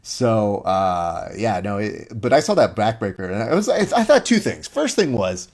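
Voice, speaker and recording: A man's voice: fairly low pitch, moderate pace. A man hosting a casual interview, telling stories with energy and acting out the lines he quotes. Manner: animated storyteller who acts out quoted lines. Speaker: podcast host.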